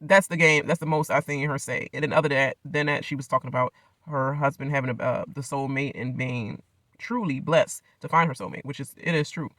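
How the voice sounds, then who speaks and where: A man's voice: medium pitch, brisk, sharp tone, no echo. A man giving a loose, rambling recap of a reality show in casual slang, laughing often.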